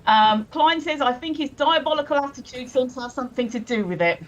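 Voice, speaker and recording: A woman's voice: high voice, brisk, low-quality recording. A woman co-hosting a casual live stream, giggling often as she reads viewers' messages aloud. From England. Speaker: stream co-host.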